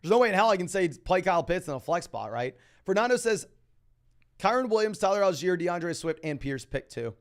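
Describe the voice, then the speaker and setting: A young man hosting a fantasy football live stream, reading viewer questions aloud and answering them in quick, energetic sports talk. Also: sits high.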